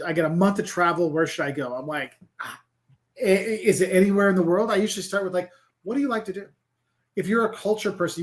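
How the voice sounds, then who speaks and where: A middle-aged man, a travel creator, chatting casually in an interview, rambling with lots of "like" and restarts. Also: sits high. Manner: rambling, animated, full of "like" and restarts. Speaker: travel creator and professor, guest.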